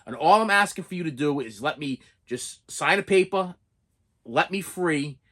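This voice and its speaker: A middle-aged man hosting a movie collecting channel, telling a personal story in a halting, emotional vlog monologue and repeating his words as he goes. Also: on the high side, animated, fairly bright tone. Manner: halting, repeats words, voice rises when upset.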